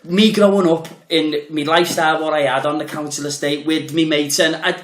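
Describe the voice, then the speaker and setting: A man's voice: a little high, fairly even intonation, a little fast, a bit bright. A man who is a former footballer, chatting casually as a podcast guest and often saying "do you know what". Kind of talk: casual chat. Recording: echoey room sound.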